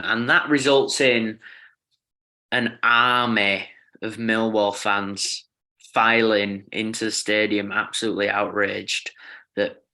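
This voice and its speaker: A man's voice: lowish voice, sharp tone. A man co-hosting a casual podcast, telling jokey made-up stories and laughing along. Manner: slow, jokey storytelling. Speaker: podcast co-host. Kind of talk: casual chat.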